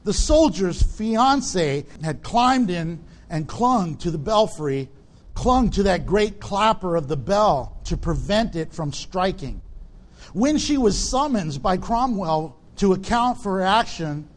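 A middle-aged male pastor preaching a sermon, animated and acting out the people in his stories. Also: slow. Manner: animated preaching, acts out quoted people in a high shout.

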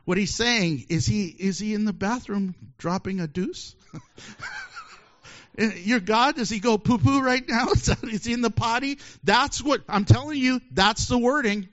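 A man preaching a sermon in a joking, animated way, acting out little voices and laughing often. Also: sits high, unhurried. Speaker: pastor. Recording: dull lo-fi sermon recording.

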